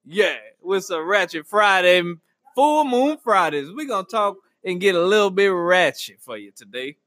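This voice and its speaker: A podcast host with a high voice delivers a casual comedic monologue at a moderate pace, full of slang. He is animated, acting out quotes with laughter, and the studio-quality recording has no echo.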